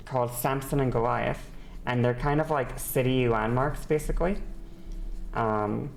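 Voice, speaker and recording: A young Northern Irish woman chats casually on stream while doing her makeup, rambling and using plenty of fillers. Her voice is extremely low and unhurried, with vocal fry and a slight hiss or hum in the audio. It's relaxed stream talk during a makeup tutorial.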